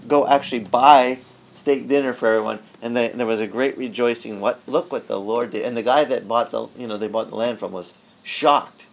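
Animated storytelling pastor, man. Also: medium pitch, moderate pace, gravelly. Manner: animated storyteller, acts out quoted voices; conversational with frequent restarts. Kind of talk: storytelling sermon.

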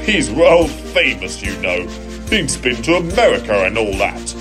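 A man voicing a proud, boastful big male steam engine in a storybook audio reading, booming and pompous. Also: expressive, moderate pace, over music, close to an everyday voice.

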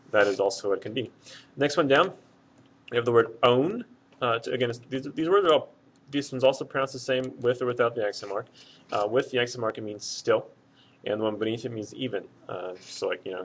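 A man teaching a Spanish lesson in a relaxed way, with many filler words. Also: lowish voice, husky. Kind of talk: casual video lesson. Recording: dull lo-fi sound.

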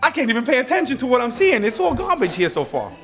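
A man's voice: very high voice, huge pitch swings, fast talker, fairly bright tone. A man buying at storage auctions, talking brashly and swearing freely in a reality show. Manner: brash, profane trash talk. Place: storage auction and flea market.

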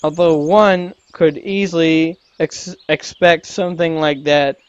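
A man's voice: fairly high pitch, fairly even intonation, measured pace, clean tone, muffled recording. A man casually reading a visual novel aloud, often tripping over words and correcting himself. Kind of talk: casual read-aloud of a game story.

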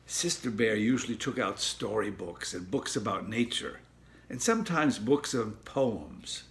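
A man reading a children's storybook aloud in a measured, gentle storytelling manner. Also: on the low side, expressive. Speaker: storybook reader.

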